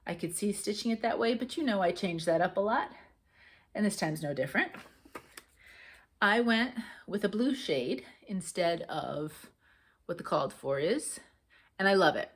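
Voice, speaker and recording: A woman's voice: mid-range voice, animated, normal speed, long pauses, breathy edge. A woman casually chatting to camera in a rambling, grateful way, often laughing. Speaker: cross stitch vlogger.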